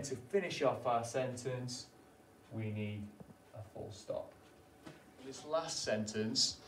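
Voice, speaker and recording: A man's voice: mid-range voice, echoey room, recorded from a distance, a little hiss or hum, low-quality recording. A man teaching a primary school lesson, patiently asking the class questions and answering them himself.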